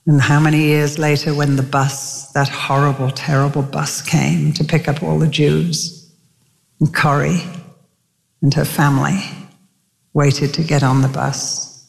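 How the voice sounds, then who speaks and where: Lady preacher telling a bible story, emphatic, voice jumps up high, long hall echo. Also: level tone, a little slow, creaky. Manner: emphatic, with sudden lifts in pitch. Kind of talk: sermon storytelling. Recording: long reverb of a large hall.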